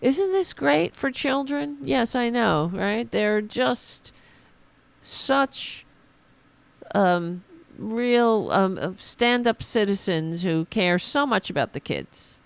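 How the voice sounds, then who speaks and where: Woman podcast host, sarcastic political rant, unhurried delivery, dry close sound. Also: lively intonation, creaky, clear, resonant tone, no room sound. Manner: sarcastic, mocks opponents in high put-on voices.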